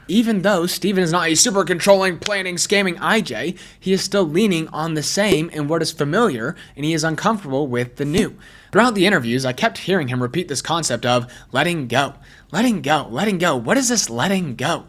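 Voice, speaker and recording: A man's voice: on the high side, animated, brisk. A male host giving casual video commentary, chatty and self-deprecating as he thinks aloud. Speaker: personality-typing commentary host.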